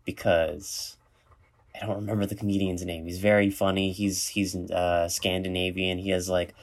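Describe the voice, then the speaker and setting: A man's voice: deep voice, flat delivery, normal speed. A young man hosting a podcast, rambling jokily with lots of fillers. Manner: rambling, filler-heavy, jokey. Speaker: podcast host. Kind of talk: casual chat.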